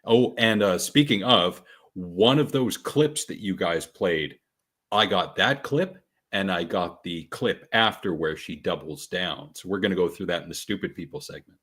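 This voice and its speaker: A man with a fairly low voice hosts a casual podcast. He trades crude jokes and deadpan asides in an easygoing chat. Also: moderate pace, husky. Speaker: podcast host.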